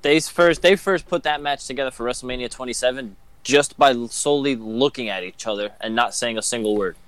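Steady male podcast guest, dry sound. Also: medium pitch, a little fast, clean tone, dry recording. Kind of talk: casual wrestling chat.

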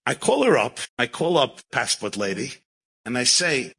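Animated man telling a story, bright voice. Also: medium pitch, brisk, slightly rough, poor audio. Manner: animated, mixes Yiddish and Hebrew words into English. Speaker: rabbi and storyteller. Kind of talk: storytelling talk.

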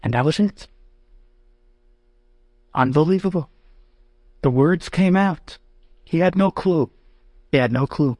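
Male rabbi storyteller, high voice, animated, mimics his characters; dry, close recording. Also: takes it slowly, long pauses, dry recording. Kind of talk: humorous anecdote told to an audience.

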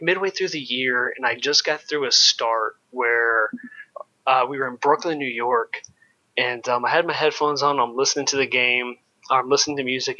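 A former pro baseball pitcher telling loose, candid stories in an interview, full of "like" and "you know". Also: male voice, sharp tone, muffled recording. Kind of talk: casual storytelling in an interview.

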